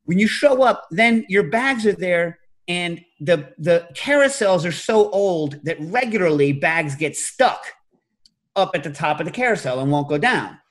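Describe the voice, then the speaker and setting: Middle-aged guy hosting a podcast, kinda high voice, goes big and shouty when he tells a story. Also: measured pace. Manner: animated storytelling, mimics loud New York shouts. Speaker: podcast host. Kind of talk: casual chat.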